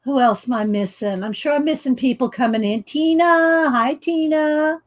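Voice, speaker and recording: A woman's voice: on the high side, fairly quick, a little mellow. A woman hosting a casual morning art live stream, chatting, greeting viewers by name and laughing often. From American South. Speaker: art livestream host. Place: home studio with windows open.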